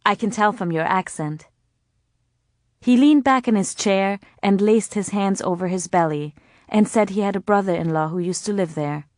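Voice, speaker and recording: A woman reads a novel aloud in a measured, even way. Her voice sits at an ordinary mid pitch. The recording is dry and close. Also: dry recording. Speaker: audiobook narrator. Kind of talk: scripted narration.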